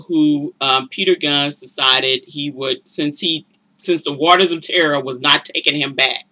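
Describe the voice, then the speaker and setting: A woman's voice: low voice, sharp tone. A woman giving a casual, opinionated recap of a reality show, chatty and judgmental, tacking "you know, and stuff" onto her sentences. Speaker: reality TV commentator.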